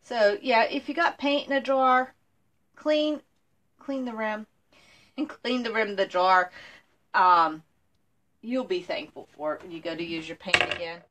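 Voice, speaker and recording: A woman with a mid-range voice and a bright, forceful tone speaks unhurriedly, with long pauses, as she walks through a furniture painting how-to for her makeover vlog. She's chatty, says um often, and talks to her dog. A little hiss or hum is audible.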